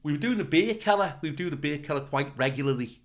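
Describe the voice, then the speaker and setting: An older man, a comedian telling stories in an interview, animated and swearing freely as he acts out the people in them. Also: a little high, quick pace. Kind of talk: anecdotal interview storytelling.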